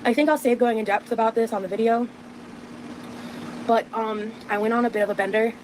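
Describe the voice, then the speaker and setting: A woman's voice: a little high, steady tone, fairly quick, background noise. A woman vlogger talking candidly to the camera while moving around her home. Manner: candid, talks straight to camera. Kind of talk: confessional home vlog.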